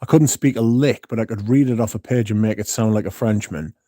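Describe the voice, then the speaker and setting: A man's voice: fairly low pitch, fairly quick, dark tone. A man hosting a casual livestream, rambling through stories and reading out viewer comments to answer them, swearing now and then. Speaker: livestream host.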